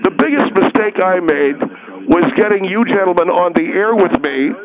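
An actor playing a self-important male caller in a radio comedy sketch, pompous and flustered, stumbling over his words. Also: high voice. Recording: muffled radio broadcast with crowd noise.

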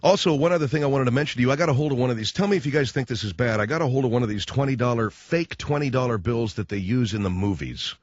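A man's voice: medium pitch, rapid-fire, few pauses, dry recording. A man hosting a radio talk show, rambling and joking as he acts out little scenes in other voices. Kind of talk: comic radio monologue. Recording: dull, dry studio radio sound.

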